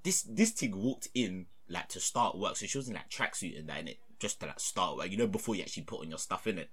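A man's voice: fast, husky. A young man, casually telling a story and acting out the voices of the people in it. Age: young adult. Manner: animated, acts out voices with big pitch jumps and laughter.

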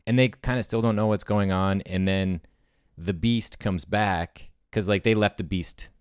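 A man with a very low, smooth, resonant voice laying out story scenes like film cuts in a relaxed brainstorm. The sound is close and dry, with no room around it. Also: measured pace, no room sound. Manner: relaxed, filler-heavy, pitches scenes like a film cut. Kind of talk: casual creative brainstorm.

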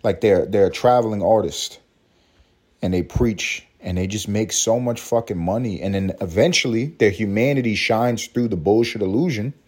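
A man's voice: on the low side, normal speed, darkish tone. A man hosting a podcast, ranting in a profane, mocking, storytelling way. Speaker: podcast host. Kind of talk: profane comedic rant.

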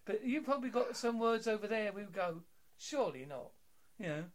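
A man's voice: high voice, a little fast. A British man hosting an interview, chatting in a jokey, easygoing way with frequent stammered restarts. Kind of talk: casual interview chat.

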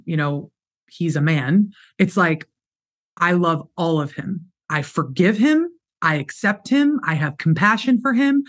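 A woman hosting a podcast, affirming her guest and speaking on spirituality. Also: lowish voice. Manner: warm affirming, spiritual vocabulary. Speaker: podcast host. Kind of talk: conversational interview talk.

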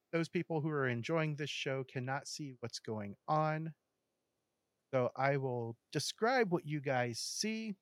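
A man running a tabletop game as game master, describing scenes in a steady narrating voice with casual asides to the players. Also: mid-range voice, no echo, clean studio sound.

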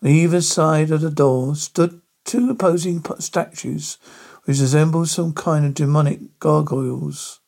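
A man reading a spooky story aloud in a halting manner, stumbling over words. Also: a little high, vocal fry, darkish tone. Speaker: narrator.

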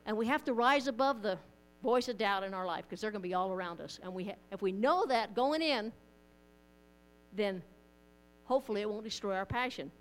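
A woman's voice: mid-range voice, fairly quick. A woman pastor, preaching a conversational sermon in church, often repeating and restarting words.

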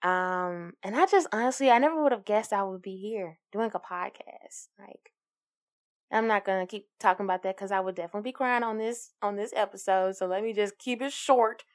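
A woman's voice: mid-range voice, fairly quick. A woman, hosting a casual solo podcast in an upbeat, encouraging, giggly way. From Alabama, US. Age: 20s. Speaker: podcast host.

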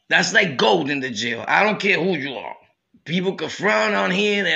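A man's voice: fairly high pitch, big pitch swings, a little slow, gravelly, pushed and bright, highs cut off. A man from Brooklyn with a New York accent, hosting a podcast and telling stories in streetwise slang, often saying "you know what I'm saying". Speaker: podcast host. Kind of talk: storytelling.

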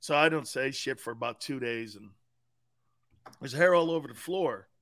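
Forceful, bright-voiced sports talk man. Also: mid-range voice, moderate pace. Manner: profane, laughing, animated retelling. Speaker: sports radio co-host. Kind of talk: casual storytelling chat.

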